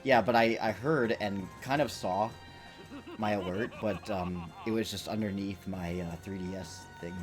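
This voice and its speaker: Casting: male streamer, low register, loose self-mocking chatter over faint game music. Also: unhurried. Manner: rambling, self-deprecating, joking. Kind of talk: let's play commentary.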